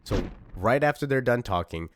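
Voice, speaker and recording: A man's voice: mid-range voice, expressive, normal speed, a little hiss or hum. Chatty man recapping a comic. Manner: casual, chatty, fills in with 'like'. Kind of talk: casual comic story recap.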